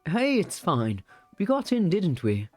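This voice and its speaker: A man's voice: high-pitched, huge pitch swings, measured pace, no room sound, soft background music, voice pushed up, full character voice. A man voicing a breezy tall young man. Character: tall playful young man, the older brother. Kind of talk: visual novel voiced reading.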